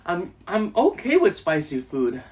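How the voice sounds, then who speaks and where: A man's voice: sits high, huge pitch swings, unhurried, a little hiss or hum. A man hosting a casual live stream while eating, joking and laughing often with his chat.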